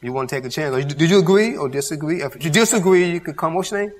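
In a hall with long reverb, a fast-talking man with a fairly high voice leads an interactive church Bible teaching. He quizzes his audience using call-and-response questions.

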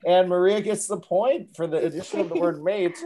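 A man's voice: high voice, fairly even intonation, fairly quick, warm tone. A man hosting a casual podcast and running a playful quiz game, teasing his guests. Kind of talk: casual chat.

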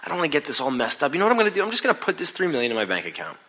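A nervous middle-aged manager frets and hedges, as a pastor puts him on in a sermon story. The voice is bright and forceful and sits a little high. He rambles and hesitates as he talks himself out of any risk. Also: wildly swooping pitch, very fast, full character voice. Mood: fretful. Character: anxious cautious middle-aged male manager.

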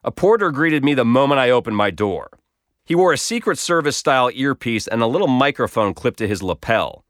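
A man's voice: medium pitch, very animated, a little fast, fairly bright tone, dry recording, clean studio sound. Wry man telling a personal story. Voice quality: wry, self-deprecating, conversational. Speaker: blog storyteller.

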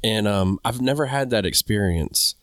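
A man's voice: lowish voice, lively intonation, normal speed, no room sound, studio quality. A man co-hosting a casual gardening talk, chatty and candid, often stopping to rephrase himself. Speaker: podcast co-host.

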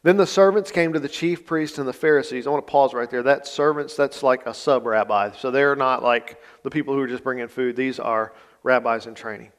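A man's voice: medium pitch, fairly quick. Man preaching in a reverberant church. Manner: conversational, plain-spoken, folksy asides. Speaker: pastor. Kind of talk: sermon. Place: church sanctuary.

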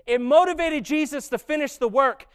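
A man preaching a sermon as pastor, talking in a conversational way and rising to slow, emphatic stresses. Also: very high-pitched, fairly bright tone.

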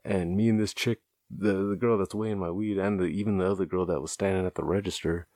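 A man's voice: deep voice, steady tone, fast talker, darkish tone, no room sound, clean studio sound. A man casually telling a rambling, amused anecdote, loose and profane, often chuckling at his own tale. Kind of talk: casual storytelling.

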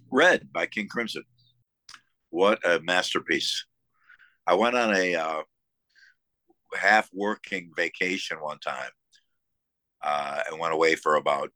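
A man from the Buffalo area with a very low voice that still sounds bright and forceful. He tells stories with enthusiasm but keeps stopping on fillers and restarting his sentences. The sound is dry and close, with no room echo. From United States, Buffalo area. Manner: halting, many fillers and restarts; enthusiastic storytelling. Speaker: musician guest. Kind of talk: casual interview conversation.

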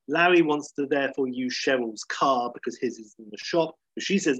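A man retells a comedy episode in a loose, chatty way, filled with ums and uhs. His voice is husky and mid-pitched. The sound is dry and close. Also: moderate pace, fairly bright tone, no echo, highs cut off. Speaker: comedy recapper.

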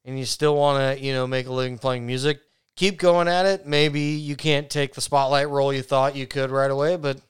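A man's voice: mid-range voice, fairly even intonation, moderate pace, smooth. A man co-hosting a podcast in casual chat, dropping wry, joking asides. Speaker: podcast co-host.

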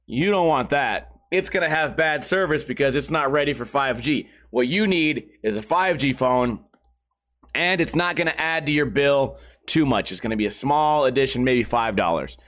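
A man voicing a pushy female phone-store saleswoman who keeps upselling in a matter-of-fact sales pitch. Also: animated, moderate pace, fairly bright tone, natural voice. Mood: pushy salesy.

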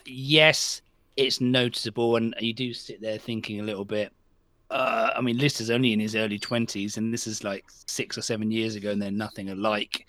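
A man's voice: fairly low pitch, little pitch movement, moderate pace, a bit bright, no echo. A man co-hosting a podcast in casual chat, rambling and hesitant. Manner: rambling, hesitant, many restarts. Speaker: podcast co-host.

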